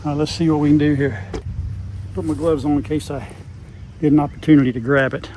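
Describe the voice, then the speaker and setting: A man's voice: a little high, steady tone, fast, mellow, a little hiss or hum, poor audio. An older man chatting casually outdoors on his farm, talking to his dogs and to the camera as he goes. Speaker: farm vlogger.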